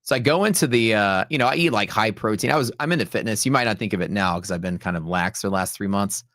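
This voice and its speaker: Man, livestream host, casual rambling storyteller, fairly low voice, dry close sound. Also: fast talker, a bit bright, dry recording. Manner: rambling and chatty, with lots of "like" and "dude". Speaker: livestream host and futures trader. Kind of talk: casual storytelling during a live trading stream.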